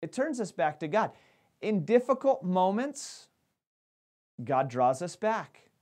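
A man's voice: high-pitched, sing-song, slow pace, darkish tone. A man preaching a sermon as pastor, talking animatedly and often restarting his phrases.

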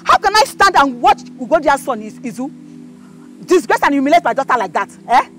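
A woman's voice: sits high, very animated, brisk, over music. A Nigerian woman playing an anxious, indignant parent of a wronged bride in a film drama. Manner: pleading, indignant.

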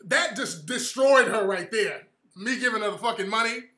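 Bright, mocking male podcast host. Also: high-pitched, moderate pace, roomy sound. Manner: profane, mocking, laughing at his own story. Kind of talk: casual storytelling monologue.

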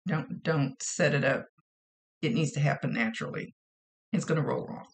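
A woman's voice: sits low, moderate pace. A woman working as a psychic medium who gives a casual reading, relaying messages and direct advice and often repeating her phrases.

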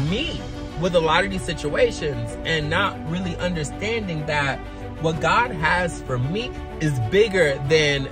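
Excitable hiccuping man chatting in a car. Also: on the high side. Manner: excitable slang-heavy talk with many restarts. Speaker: vlogger. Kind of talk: casual chat. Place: parked car.

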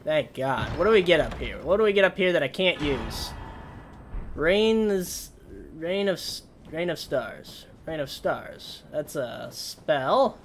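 A young man giving casual, rambling gameplay commentary, swearing and breaking into sudden loud yells. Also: a little high, animated, slow pace, slight background noise. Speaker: gaming streamer.

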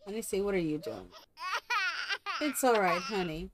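A woman's voice: mid-range voice, expressive, moderate pace, slight background noise. A woman streaming a game live, chatting casually and coaxing her characters like a doting mother.

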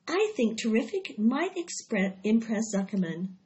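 A wise female barn spider speaks calmly and precisely, as a woman reads her aloud. She sounds fairly high and in charge. The recording is dull and lo-fi. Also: measured pace. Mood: firm.

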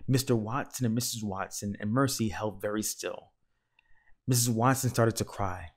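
A man reading a children's picture book aloud with gentle, measured storytelling. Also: lowish voice. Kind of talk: children's read-aloud narration.

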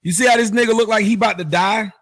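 A man's voice: high-pitched, fairly even intonation, quick pace, fairly bright tone. A man hosting a commentary show, mocking the clips he plays in a sarcastic, sing-song teasing way. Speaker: commentary host.

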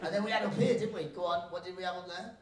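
A man doing live stand-up crowd work, teasing the audience with brisk, playful banter and repeating his own catchphrases. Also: high-pitched, fairly even intonation, background noise. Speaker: stand-up comedian. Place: live comedy venue on stage. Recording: echoey live room, mic at a distance.

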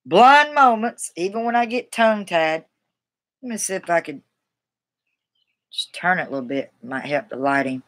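A woman's voice: low voice, moderate pace, long pauses. A woman with a Southern US accent chatting casually on a live stream, folksy and chatty, laughing easily as she talks to viewers through her phone or webcam. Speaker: livestreamer.

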